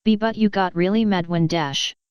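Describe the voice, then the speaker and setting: A woman's voice: lowish voice, moderate pace, a little mellow, clean tone, no room sound, highs cut off, natural voice. A woman voicing a timid young filly pony who stammers and apologizes, in a storybook reading.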